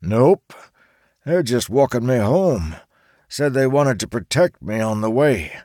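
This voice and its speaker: A man's voice: mid-range voice, sing-song, slow pace, warm tone, dry recording, studio quality, pitched above the performer's own voice. A man voicing a blunt, grumpy old grandfather in an audiobook. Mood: matter-of-fact. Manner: blunt, matter-of-fact. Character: grumpy old grandfather who dislikes talking. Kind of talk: audiobook character voice.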